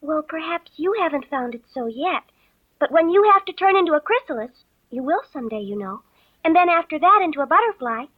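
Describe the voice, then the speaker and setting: Shy, polite little girl, played by a man, high falsetto, tinny lo-fi audiobook. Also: expressive, a little fast. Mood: polite puzzlement. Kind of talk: audiobook character voice. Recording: tinny lo-fi recording.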